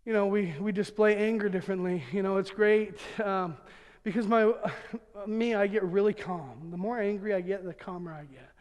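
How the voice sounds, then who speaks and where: A man's voice: sits high, fairly even intonation, normal speed, a little mellow. A man preaching a humorous sermon, telling family stories, acting out quotes and laughing often. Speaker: pastor. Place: church sanctuary. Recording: long hall reverb.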